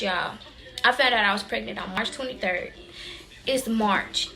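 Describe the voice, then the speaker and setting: Young woman vlogger, chatty storyteller, bright high-ish voice. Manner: animated, chatty, addresses viewers as y'all. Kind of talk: casual storytelling to viewers.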